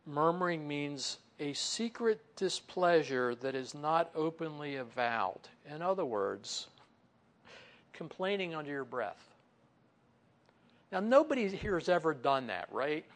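Speaking a little slowly in a fairly high voice with big pitch swings, a pastor delivers a conversational sermon. He keeps dropping "you know" asides and acts out inner voices under his breath.

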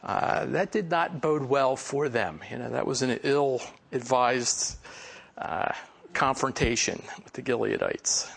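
A man with a Philadelphia accent teaching through a Bible passage in a relaxed, conversational way, with asides and fillers. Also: mid-range voice, slow, creaky, breathy edge. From Philadelphia area. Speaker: pastor.

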